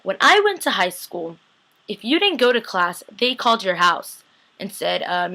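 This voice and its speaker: A woman's voice: medium pitch, big pitch swings, moderate pace, sharp tone. A young woman giving a casual, sarcastic recap of a TV episode to her viewers, chatting and acting out little asides. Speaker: vlogger.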